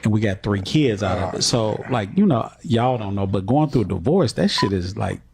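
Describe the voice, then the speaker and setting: A middle-aged man chatting casually and profanely about his own life, heard in a played-back clip. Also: moderate pace. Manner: casual and profane, with a very lively pitch. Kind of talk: casual chat. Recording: played-back clip with clear background noise.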